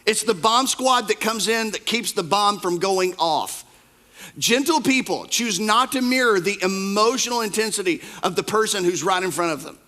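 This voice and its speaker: Male pastor, high bright voice, emphatic sermon delivery with lots of repetition. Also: moderate pace. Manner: emphatic, repeats key phrases; swings between soft asides and loud outbursts. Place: church.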